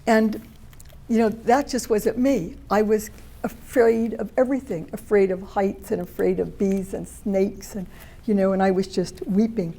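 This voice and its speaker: Female poet, storytelling talk with dramatic readings, warm and mellow tone. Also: mid-range voice. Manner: expressive, slows and swells when reading verse aloud; lively, personal storytelling.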